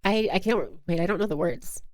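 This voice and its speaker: A woman's voice: mid-range voice, fairly quick, no echo. A young woman streaming a game, chatting casually in a giggly, self-mocking way into a close mic. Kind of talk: casual live-stream chat.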